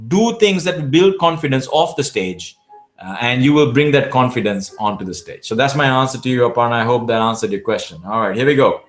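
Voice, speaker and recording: Fielding viewer questions during a live Q&A, this South Asian public speaking champion gives emphatic coaching tips and frequently restarts what he's saying. His mid-range voice is animated and fairly quick.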